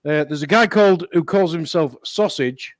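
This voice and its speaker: A man's voice: fairly high pitch, moderate pace, no room sound, rough recording. A man co-hosting a casual chat, telling rambling anecdotes and chuckling often. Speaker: co-host.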